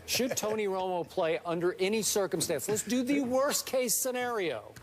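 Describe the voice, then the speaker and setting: A sports debate co-host with a fairly high male voice. He argues his case in a dry, deliberate way, laying out one point after another. A faint hiss runs underneath. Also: expressive. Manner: dry, measured, argumentative.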